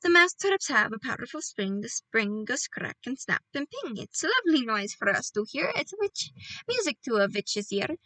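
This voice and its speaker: A woman reading a storybook aloud and voicing a fierce, ancient witch leader who shouts and gloats in broken grammar. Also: on the high side, big pitch swings, normal speed, dry recording, full character voice, poor audio. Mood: chanting.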